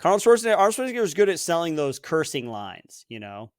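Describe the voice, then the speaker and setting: A man co-hosting a podcast, guessing movie quotes and recounting scenes with quick laughs. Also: a little high, sing-song, clean tone, dry recording, studio quality. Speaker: podcast co-host, quiz contestant. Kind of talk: casual chat.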